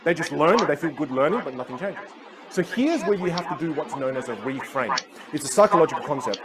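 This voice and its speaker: A communication coach whose first language is Teochew delivers a keynote with energetic storytelling. His voice sits a little high and leaps all over its range. The live recording carries loud crowd noise and ambience. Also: fast, low-quality recording. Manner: animated storyteller who acts out voices. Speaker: public speaker and communication coach. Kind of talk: keynote talk.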